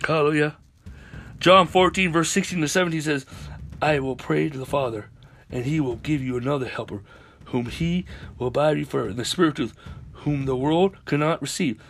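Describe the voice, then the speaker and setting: Male preacher, slightly high voice, peppers every phrase with amen and hallelujah, faint hiss behind. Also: fairly quick. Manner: rises to chanting repeated lines. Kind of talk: sermon on a conference call.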